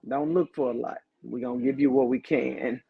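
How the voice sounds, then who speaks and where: A man's voice: medium pitch, steady tone, creaky, slightly rough, narrow, tinny audio. A man hosting a live podcast in a loose, joking way, tired after a long day. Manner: loose, joking, drawn-out greetings. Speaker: podcast host. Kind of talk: casual live podcast chat.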